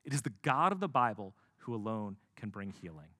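A male preacher giving a sermon, telling the story with lively swings in pitch and casual asides. His voice is bright and forward. The recording is dry and close. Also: a little fast, dry recording. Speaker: pastor.

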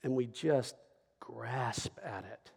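A man's voice: medium pitch, slow pace, gravelly, darkish tone, husky. A middle-aged man preaching a sermon as a pastor, telling a story conversationally and often checking in with "right?". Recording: long reverb of a large hall.

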